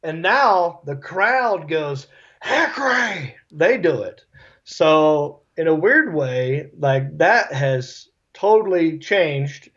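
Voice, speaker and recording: A middle-aged man, a comedian, telling stories on a video call in a relaxed, joking way. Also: on the high side, takes it slowly. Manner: laid-back, jokey storytelling with put-on voices. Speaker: guest comedian. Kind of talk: casual video-call interview. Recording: dull lo-fi call audio.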